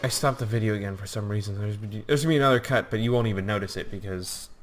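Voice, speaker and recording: A man's voice: fairly low pitch, racing, faint music behind. A man giving casual, rambling commentary over his own strategy gameplay, joking and acting out the soldiers in silly voices. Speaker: gaming YouTuber.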